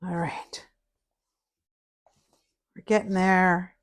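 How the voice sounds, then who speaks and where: A woman's voice: fairly low pitch, level tone, measured pace, long pauses. Chatty Canadian woman baking and humming. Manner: chatty, hums and sings to herself while working. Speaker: cooking instructor. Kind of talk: casual cooking tutorial chat.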